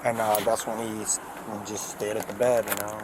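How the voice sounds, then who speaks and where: A man's voice: on the low side, little pitch movement, normal speed. A man, a police officer, briefs a colleague outdoors in a matter-of-fact way. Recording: body cam audio with street noise.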